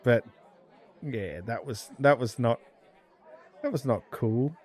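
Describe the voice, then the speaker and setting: A relaxed man co-hosting a casual pub chat about home brewing over a video call. He tells stories at an easy pace and jokes around, with a faint crowd hum behind him. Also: mid-range voice, slow pace, breathy edge. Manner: relaxed, storytelling, joking. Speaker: podcast co-host.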